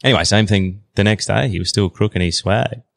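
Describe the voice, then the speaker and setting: A man in his thirties with an Australian accent, telling a story as a podcast guest in a relaxed, slangy way. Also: lowish voice, a little fast, gravelly. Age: 30s. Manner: relaxed yarn-spinning, slangy. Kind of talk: casual storytelling.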